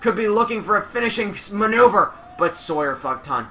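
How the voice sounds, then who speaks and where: A young man doing energetic play-by-play commentary over a wrestling video game, shouting at the big moves, his voice going a little rough from use. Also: sits high, fairly quick.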